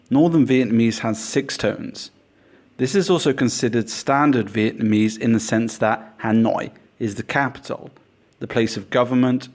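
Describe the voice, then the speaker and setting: A man teaching a pronunciation lesson, explaining patiently and modelling sounds slowly. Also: medium pitch, a little mellow. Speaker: language teacher.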